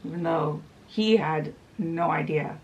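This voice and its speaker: Chatty woman with a gravelly fry. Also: deep voice, measured pace, distant mic, dull audio. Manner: chatty retelling with "she's like" quotes. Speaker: book vlogger. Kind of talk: casual storybook summary.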